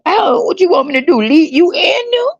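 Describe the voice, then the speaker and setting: A woman voicing a panicked young man overwhelmed by his family, in a frantic, high-pitched wail. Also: sing-song, fairly quick, no echo, lo-fi sound, full character voice.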